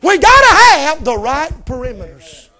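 A man preaches a fiery revival sermon in a folksy, rhythmic way and often breaks into shouts. His voice sits very high for a man and rings bright and sharp. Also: sing-song, normal speed. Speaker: visiting preacher.

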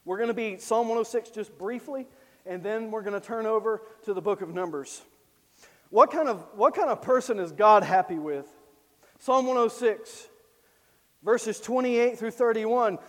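A man preaching a sermon, emphatic, swinging between loud declarations and low asides. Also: in a large hall.

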